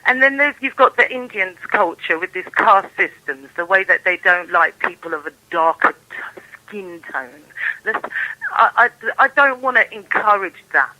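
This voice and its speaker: A woman calling in to a radio phone-in show, who speaks earnestly and haltingly. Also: medium pitch, expressive, pushed and bright, rough recording. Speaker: caller.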